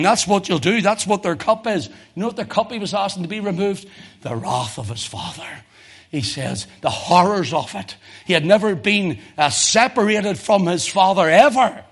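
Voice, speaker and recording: A male preacher with a husky voice delivers a fervent sermon, swinging between loud, emotional crescendos and low, intense tones.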